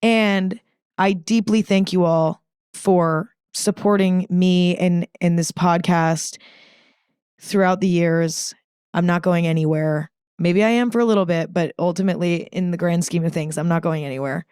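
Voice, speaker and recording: A woman's voice: on the low side, steady tone, unhurried, a little mellow, smooth, dry recording. Young female podcast host, casual and earnest, filler-heavy, swears freely; dry close-mic sound. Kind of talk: casual solo podcast monologue.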